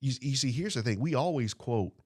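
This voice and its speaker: A man's voice: mid-range voice, lively intonation, fairly quick, no room sound, clean studio sound. A man preaching a podcast sermon in an earnest way, repeating phrases and putting questions to his listeners. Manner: acts out short dialogues.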